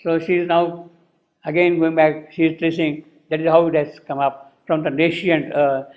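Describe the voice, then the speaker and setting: A man's voice: a little high, little pitch movement, moderate pace, a little mellow, dull audio. A man teaching a poem, reciting its lines again and again and explaining them word by word. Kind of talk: slow lecture with poetry recitation.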